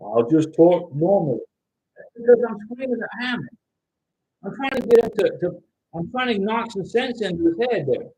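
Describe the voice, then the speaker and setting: Male livestream host, middle-aged, husky high voice, loud and lively, dry close sound. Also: normal speed, low-quality recording. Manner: loud, animated, at times yelling. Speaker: livestream host giving visa advice. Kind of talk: casual livestream chat reading viewer comments. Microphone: home microphone with interference noted by viewers.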